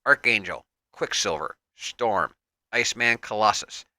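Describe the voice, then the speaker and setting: A man reads a superhero comic aloud in a dramatic storytelling manner. His voice is bright and sharp. The recording is dry and close. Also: lowish voice, animated, measured pace, dry recording, low-quality recording. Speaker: comic book reader.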